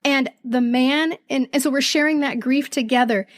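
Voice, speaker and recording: Animated high-voiced woman co-host. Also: normal speed, no echo, studio quality. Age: older. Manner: animated storyteller, laughs as she tells it. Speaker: podcast co-host. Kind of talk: casual chat.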